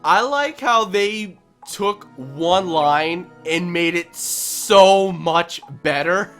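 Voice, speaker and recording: A speaker chatting casually on a gaming stream, lively and jokey, acting out voices while retelling scenes. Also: medium pitch, extremely slow. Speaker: stream co-host. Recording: faint game music behind. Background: game music.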